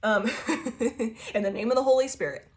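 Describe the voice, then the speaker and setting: A woman's voice: mid-range voice, normal speed. Woman, tarot reader, casual reading, heavy swearing, frequent laughter. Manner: profane, laughing, animated storytelling.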